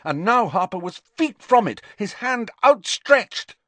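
A man narrating an audiobook with an animated, dramatic reading. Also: high-pitched, measured pace, dry recording. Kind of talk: scripted narration.

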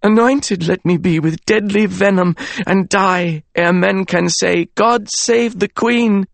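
A man's voice: sits high, slow, creaky, no echo, pitched above the performer's own voice, exaggerated voice. A frail, sickly young actress, put on by a male narrator, declaiming tragic verse far above his own register. Her lines are drawn out and quavering, in a dry, close storybook reading. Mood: anguished, declaiming. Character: frail, ill young actress reciting tragedy.

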